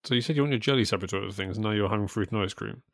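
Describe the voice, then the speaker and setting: An English man in a casual podcast chat, musing aloud and wandering between thoughts. His voice sits a little low, and he teases his co-host with pointed questions, heard close and dry. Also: racing, vocal fry, a bit bright, no room sound. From England. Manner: musing, rambling, teasing questions.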